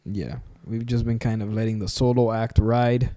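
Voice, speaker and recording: A young man co-hosting a casual podcast, his voice mellow and warm in tone. He talks emphatically, repeats his points and keeps throwing in "bro". The pitch sits in an ordinary middle range for a man. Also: steady tone, normal speed, no echo. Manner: emphatic, repeats himself, says "bro" a lot. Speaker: podcast co-host. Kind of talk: casual chat.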